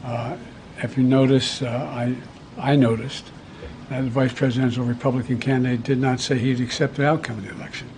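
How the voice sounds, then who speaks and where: An older man, a politician, answering a reporter's question in a halting, hesitant way, repeating words as he goes. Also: mid-range voice, flat delivery, a little mellow, slight background noise. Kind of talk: press remarks.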